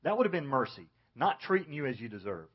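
A pastor preaching an earnest sermon, dropping low and soft to stress his points. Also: sing-song, quick pace, muffled recording.

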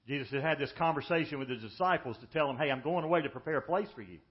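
A man preaching a sermon as pastor, emphatic, often dropping to a hushed, slow delivery for weight. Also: fairly high pitch, expressive. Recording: dull lo-fi sermon audio.

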